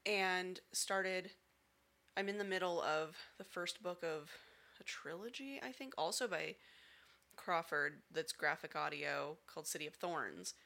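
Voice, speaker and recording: A woman's voice: fairly low pitch, a little slow, vocal fry, pushed and bright. A woman co-hosting a book podcast, chatting casually and emphatically about books that made her cry. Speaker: podcast co-host. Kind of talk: casual chat.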